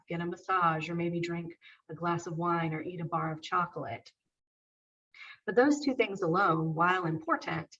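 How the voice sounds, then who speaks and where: A woman's voice: fairly low pitch, creaky, pushed and bright, recorded from a distance, muffled recording. A woman guest speaking earnestly and emphatically in a conversational interview. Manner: earnest, emphatic, repeats agreement. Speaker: guest, author and painter.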